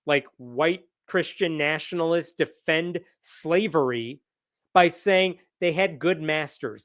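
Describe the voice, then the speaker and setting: A man hosts a live news roundup, reacting to what he reads with incredulous, sarcastic commentary. His voice sits a bit higher than most men's, and he leans hard on his points. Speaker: host.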